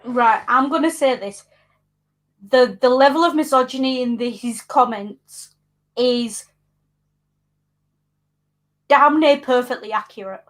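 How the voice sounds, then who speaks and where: A woman's voice: high voice, slow, pauses often. A woman co-hosting a casual chat, frankly commenting on history with wry, emphatic asides. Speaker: co-host.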